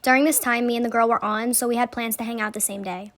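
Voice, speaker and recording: A woman's voice: a little high, fairly even intonation, fast talker, a bit bright, dry recording. A young woman telling her own story in a chatty, casual way, full of "like" and swearing.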